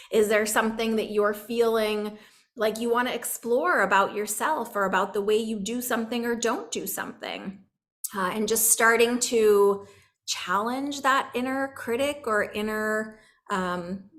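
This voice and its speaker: A middle-aged woman, an energy healer, speaking gently and chattily to a group over a video call, then leading a calm guided meditation. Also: mid-range voice. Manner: gentle, soothing and chatty, laughs easily. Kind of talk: guided healing talk and meditation.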